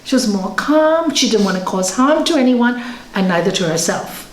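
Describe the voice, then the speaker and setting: A woman's voice: mid-range voice, normal speed, a little hiss or hum. A woman yoga teacher giving a conversational spiritual talk, telling stories and acting out what people said. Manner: conversational, animated, tells stories with acted quotes. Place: yoga centre hall. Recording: echoey room.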